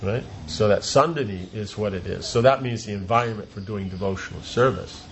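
A man's voice: on the low side, brisk, a little hiss or hum. A man giving an informal religious talk as a teacher, rambling, repeating words and asking rhetorical questions. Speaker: spiritual teacher.

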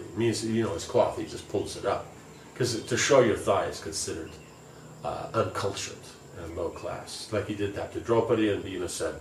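This scripture teacher has a voice on the low side and an expressive delivery at a moderate pace, reading aloud and explaining casually with many fillers. He sounds far off in a roomy space, with faint ambience and slight background noise.

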